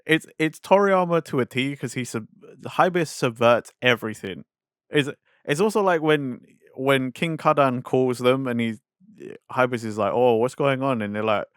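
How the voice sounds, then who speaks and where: A man's voice: mid-range voice, measured pace, fairly bright tone, smooth, no room sound, studio quality. A young man co-hosting a podcast in casual chat, retelling scenes with acted-out quotes and slangy asides like bruh and man. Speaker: podcast co-host.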